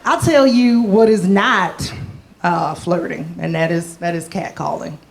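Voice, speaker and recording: A woman's voice: on the low side, measured pace, creaky. A woman performing a stand-up comedy set. She is playful and self-mocking, and she acts out the voices of the people in her stories.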